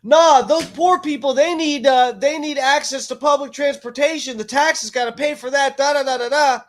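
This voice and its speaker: A man voicing an indignant, argumentative woman voter who lectures loudly and refuses to back down. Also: extremely high pitch, fairly even intonation, moderate pace, voice pushed up. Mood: preachy.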